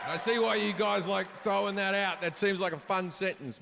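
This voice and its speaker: A man's voice: high-pitched, steady tone, normal speed, creaky, crowd noise. A middle-aged man performing a stand-up set, telling stories in a brash, profane way. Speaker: stand-up comedian. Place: comedy stage before a live audience. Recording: live hall reverb, audience noise.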